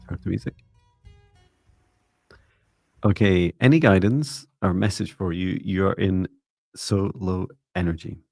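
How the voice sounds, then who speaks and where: Low gravelly guy hosting a live stream, chatty, laughs a lot, dry close mic. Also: normal speed, a little mellow, dry recording. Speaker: co-host, psychic reader. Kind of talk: live-stream chat and readings.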